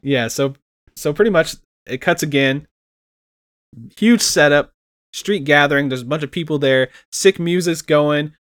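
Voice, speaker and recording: A young man casually recapping a movie scene by scene, animated and laughing as he acts out the lines. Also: fairly high pitch, unhurried, no room sound, studio quality. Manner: laughing, animated retelling with acted quotes.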